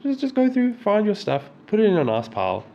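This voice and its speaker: A man's voice: high voice, huge pitch swings, fairly quick, gravelly, mellow, dull audio. A South African man co-hosting a podcast in casual chat, retelling everyday frustrations in an exasperated way. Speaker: podcast co-host.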